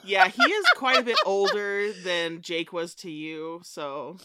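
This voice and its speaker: A woman's voice: fairly low pitch, slow pace, heavy background noise. A woman co-hosting a casual chat, mostly reacting to a story with short replies and laughter.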